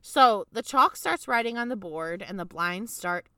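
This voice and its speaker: A woman's voice: medium pitch, animated, a little slow, bright, forceful tone, slight background noise. A young woman co-hosting a podcast, chatting casually and telling the plot with sassy asides and laughs. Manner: laughing, sassy storytelling with acted quotes. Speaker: podcast co-host. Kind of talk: casual chat recapping a film.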